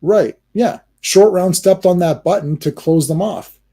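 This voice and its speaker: A man's voice: high-pitched, unhurried, mellow, slightly rough. A man hosting a casual livestream, ranting animatedly about movies with many restarts and fillers. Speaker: livestream host.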